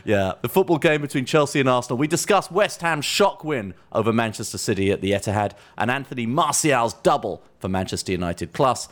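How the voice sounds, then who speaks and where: A man hosting a comedic football podcast. He talks playfully, in a mock-grand tone, and keeps throwing in asides to his co-host. His voice sits at an ordinary middle pitch. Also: animated, brisk, few pauses.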